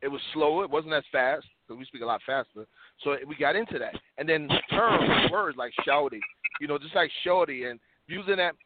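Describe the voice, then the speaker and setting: Animated New man, tinny line. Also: on the high side, brisk, very noisy. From New York. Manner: animated storytelling with slang. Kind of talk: casual discussion. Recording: tinny phone-like sound, dry.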